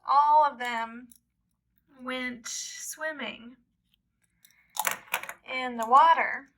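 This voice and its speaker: Very slow, bright woman storyteller. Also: sits high, steady tone, poor audio. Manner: very deliberate, repeats and explains words. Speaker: English teacher. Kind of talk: slow storytelling for English learners.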